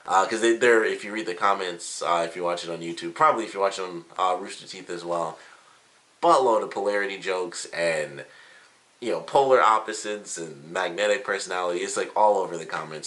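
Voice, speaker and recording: Bright-voiced, chatty young male reviewer. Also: low voice. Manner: chatty, upbeat, many "like" and "you know" fillers. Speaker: show reviewer. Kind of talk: casual episode review.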